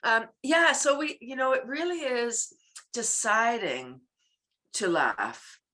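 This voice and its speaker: A woman, a laughter yoga teacher, talking as an interview guest in an animated way, laughing often and making playful sound effects. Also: a little high, takes it slowly.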